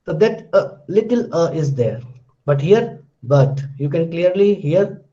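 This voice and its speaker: A man teaching English pronunciation in a lecture, saying each sound slowly and repeating it. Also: on the high side, expressive, warm tone. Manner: slow, deliberate, repeating each sound twice. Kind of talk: classroom lecture. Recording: dull lo-fi lecture recording.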